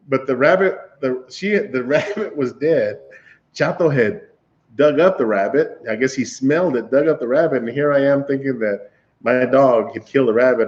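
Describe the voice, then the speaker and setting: A man's voice: medium pitch, lo-fi sound. A man hosting a livestream, casually telling a long, laughing story to his chat with lots of restarts. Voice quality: rambling, laughing, with frequent restarts. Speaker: livestream host.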